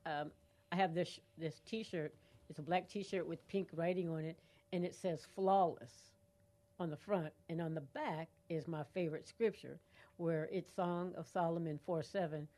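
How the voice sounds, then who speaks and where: A woman's voice: lowish voice, mellow. A woman co-hosting a call-in radio show, bubbly and laughing often, speaking into a studio microphone. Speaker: radio co-host.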